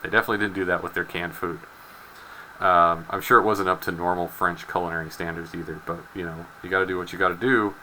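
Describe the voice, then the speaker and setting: Deep, bright-voiced joking lecturer man. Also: slight background noise, low-quality recording. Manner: rambling, joking asides, repeats words. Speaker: chemistry instructor. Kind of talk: casual recorded lecture.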